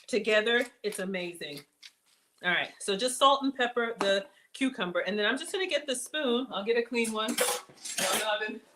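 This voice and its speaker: A woman hosting a casual cooking demonstration, chatty and excitable, talking straight to her viewers as she builds a snack. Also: mid-range voice, a little hiss or hum. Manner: bubbly, excitable, chatty, addresses viewers as y'all. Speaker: cooking show host.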